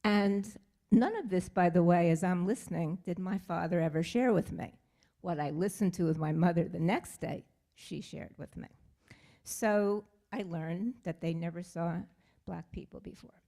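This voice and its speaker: An older woman sharing a family story at a synagogue service, speaking in a halting, heartfelt way with pauses and fillers. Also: lowish voice, mellow. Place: synagogue sanctuary.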